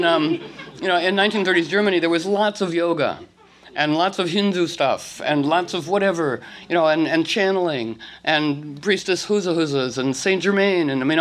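A man's voice: a little high, a bit bright. Rambling man giving a spiritual talk. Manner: rambling, with many fillers and restarts.

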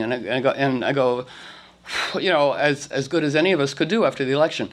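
A man lecturing an audience on spiritual matters, his pitch sitting in a middle range. He loops back on himself, restarts sentences and leans on fillers as he works toward each point. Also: fairly even intonation, a little fast. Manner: rambling, with many fillers and restarts. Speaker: speaker giving a talk.

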